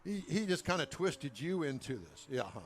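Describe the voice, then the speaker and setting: Man, wisecracking co-host, teasing, fairly high voice. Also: very animated, moderate pace. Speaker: car show co-host. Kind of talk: casual joking chat.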